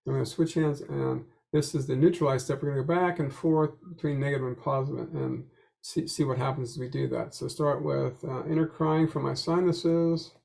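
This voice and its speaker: Gravelly-voiced man coaching a tapping routine. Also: mid-range voice. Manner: slow, halting delivery with frequent "uh" fillers; repeats affirmation phrases in a steady chant. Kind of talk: guided tapping instruction.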